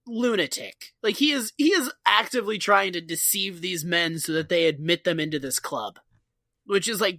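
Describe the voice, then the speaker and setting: A man's voice: sits high, no echo. Guy on a podcast, swears a lot, voice jumps all over, super dry sound. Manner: animated, profane, acts out characters. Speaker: podcast co-host. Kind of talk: casual chat recapping a sitcom episode.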